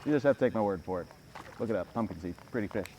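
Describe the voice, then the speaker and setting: A man talking casually while fishing outdoors by a pond, excitable and self-deprecating. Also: on the low side, racing, background noise. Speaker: fishing vlogger. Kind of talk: casual outdoor vlog commentary.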